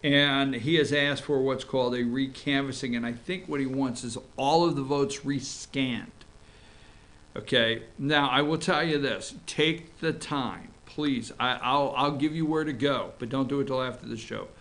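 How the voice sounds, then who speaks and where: A North Georgia man hosts a live online morning show. He rambles and gets worked up, and his voice is bright and forceful. He keeps pressing his points with emphatic repeats. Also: medium pitch, measured pace. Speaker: host.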